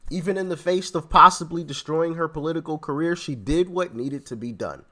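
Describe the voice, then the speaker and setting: A man hosting a commentary channel, reacting in casual talk. He is animated, restarts his phrases often and speaks directly to his viewers. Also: fairly high pitch, brisk.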